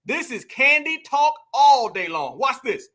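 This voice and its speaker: An animated commentary host reacts to clips and talks straight to the audience. The voice is high and bright. The delivery jumps between quick asides and loud exclamations. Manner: animated, exclamatory, addresses viewers as family and y'all. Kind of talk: heated commentary vlog.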